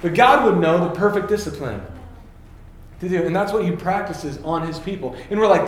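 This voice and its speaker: A man's voice: sits high, moderate pace, echoey room. A man in his thirties giving a casual, story-filled sermon as a pastor and acting out the quotes.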